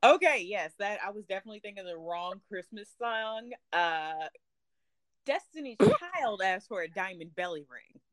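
A woman in her thirties chimes in now and then and laughs easily. Her voice is bright and bounces lively up and down as she chats. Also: medium pitch, moderate pace, dry recording. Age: 30s. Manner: laughs readily, chimes in briefly. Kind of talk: casual chat.

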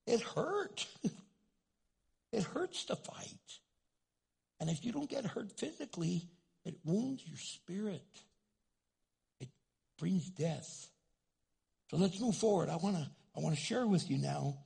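Gravelly, animated preacher man. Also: high voice. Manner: animated storytelling preacher, acting out voices. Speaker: pastor. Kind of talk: sermon.

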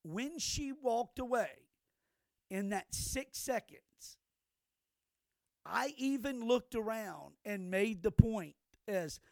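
A man's voice: high voice, expressive, takes it slowly, creaky, darkish tone, no room sound, clean studio sound. An older man co-hosting a podcast, telling stories in a rambling, profane way with many restarts. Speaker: podcast co-host. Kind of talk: casual chat.

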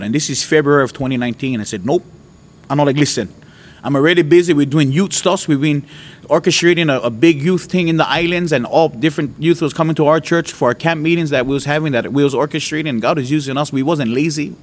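Animated male preacher from Hawaii, laughing often. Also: slight background noise. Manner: animated storytelling, voice jumps high and loud when retelling his outbursts. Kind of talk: testimony to an audience.

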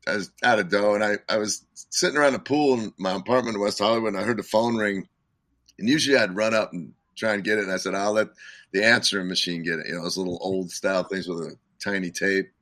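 Bright-voiced man telling stories, rambling. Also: lowish voice, fast, dry recording. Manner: rambling, chuckling, many restarts. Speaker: guest musician. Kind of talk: casual interview storytelling.

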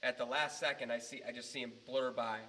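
A man telling a story in casual chat, animated and swearing freely, rambling with restarts. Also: mid-range voice, a little fast, a little hiss or hum.

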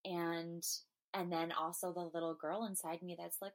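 A woman hosts her own podcast and talks at length about her feelings and experiences. She is earnest and emotional, and she wanders with frequent "um"s and restarts. Her voice sits a little low for a woman. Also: steady tone, moderate pace. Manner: earnest, emotional, meandering with fillers. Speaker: podcast host. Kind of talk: personal spiritual monologue.

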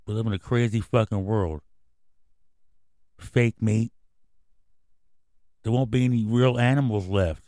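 A man's voice: fairly low pitch, fairly even intonation, measured pace, long pauses, dark tone, no room sound, studio quality. A man hosting a comedy radio show, ranting in a profane, rambling, conspiratorial way. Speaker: host. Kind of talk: casual radio rant.

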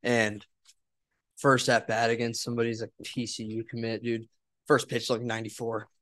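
A young man who pitches and coaches baseball, talking in a laid-back way in casual chat. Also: little pitch movement, moderate pace, fairly bright tone. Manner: laid-back, says "dude" a lot.

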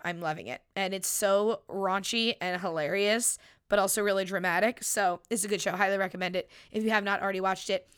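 A woman's voice: fairly high pitch, fairly bright tone, clean tone. A woman in her thirties hosting a solo podcast, chatting in a playful, casual way and swearing freely into a microphone. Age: 30s. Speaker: podcast host. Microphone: studio microphone.

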